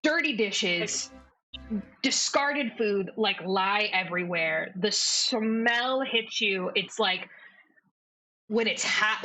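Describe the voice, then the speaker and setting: Casual: young woman dm narrating slow, bright voice, says like a lot. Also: medium pitch, slight background noise, rough recording. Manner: casual, lots of "like" fillers. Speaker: game master. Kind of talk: narrating a tabletop game.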